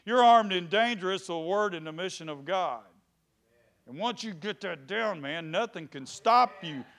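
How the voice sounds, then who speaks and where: A man pastor preaching a lively sermon in church, calling out to people in the congregation by name and rising to loud shouts. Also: sits high, clean tone.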